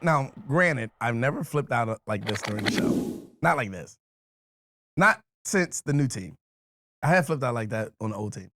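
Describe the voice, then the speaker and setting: Lively, animated man telling a story. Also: mid-range voice, moderate pace, slight background noise. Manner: animated storytelling, swears a lot, laughs often. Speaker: podcast co-host. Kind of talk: casual chat.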